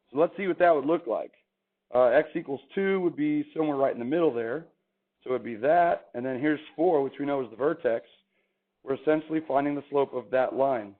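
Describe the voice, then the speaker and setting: A male math teacher lecturing a classroom, chatty and quizzing the students as he goes. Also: fairly high pitch. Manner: chatty, asks the class questions. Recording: tinny phone-like classroom recording.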